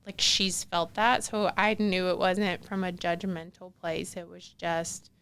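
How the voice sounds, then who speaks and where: A woman, in her forties, telling a personal story as a podcast guest in an animated, chatty way with lots of fillers. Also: fairly low pitch, measured pace, clean tone. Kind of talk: casual conversational storytelling.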